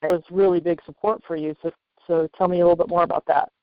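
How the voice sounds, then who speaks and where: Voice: mid-range voice, level tone, fast talker, no echo. A host in a casual interview, talking in an encouraging, conversational way and often repeating points. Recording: dull lo-fi dry line.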